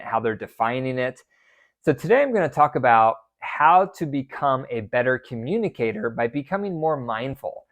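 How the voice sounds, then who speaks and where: A man hosting a marriage advice podcast as a therapist, talking with emphasis and often repeating key phrases. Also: mid-range voice.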